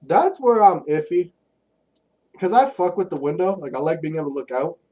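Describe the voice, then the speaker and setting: A young man, co-hosting a podcast and telling crude, animated stories in casual chat, a bit far from the mic. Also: fairly high pitch, moderate pace. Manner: profane, animated storytelling. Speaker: podcast co-host.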